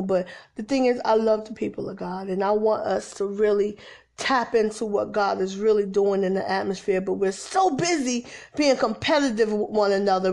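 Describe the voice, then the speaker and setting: A woman preaching an informal sermon, swinging from exasperated emphasis to soft, near-whispered lines. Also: fairly high pitch.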